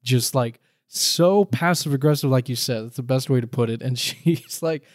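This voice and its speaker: A podcast co-host in casual chat, talking fast and retelling scenes from a film. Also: mid-range voice, dry recording, clean studio sound.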